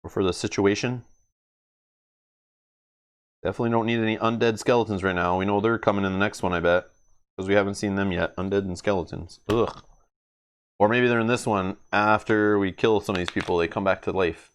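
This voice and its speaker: A man's voice: on the low side, fairly even intonation, a little fast, long pauses, clear, resonant tone. A man streaming a solo card game playthrough, thinking aloud as he reads cards, laughing often. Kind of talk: casual solo playthrough commentary. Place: home gaming table.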